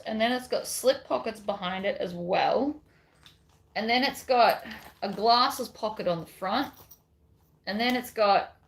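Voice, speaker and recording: With a creaky, medium-pitched voice, a bag pattern designer chats casually during a sewing livestream, reading viewer comments and rambling as she moves between steps of making a bag.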